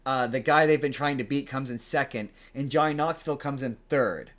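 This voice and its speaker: A man hosting a podcast, casually retelling a film plot in a rambling, animated way. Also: medium pitch, a little fast. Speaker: podcast host. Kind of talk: casual chat.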